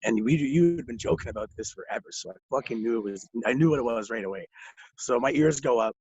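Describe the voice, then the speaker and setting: A young man from Ontario, Canada, guests on a podcast, rattling off profane, laughing stories in casual conversation as an animated storyteller. His mid-range voice is husky and fast. The recording is dull, lo-fi and dry, with no room sound.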